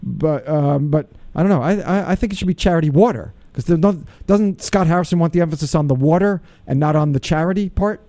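Radio host guy, joking around and stumbling over his words, mellow and a bit high, dry studio sound. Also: a little fast, hardly any pauses, no echo. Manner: playful, digressive, stammering restarts. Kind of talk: casual radio talk show chat.

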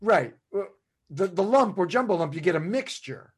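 A man from New Jersey hosting a podcast, talking in a halting way with many "uh"s and a playful, teasing streak. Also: sits high, expressive, slightly rough. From New Jersey, USA. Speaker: podcast host. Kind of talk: podcast conversation.

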